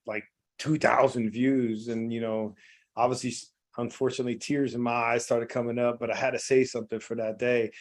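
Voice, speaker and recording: Podcast host from New Jersey, a man, casual and rambling, loud when fired up, on a video call. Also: mid-range voice. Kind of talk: casual tribute talk.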